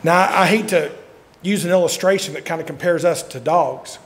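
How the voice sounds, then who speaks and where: A man preaching a sermon, telling stories and swinging from shouts to quiet asides. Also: on the high side, a little fast. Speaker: pastor. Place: church sanctuary. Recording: long church hall reverb.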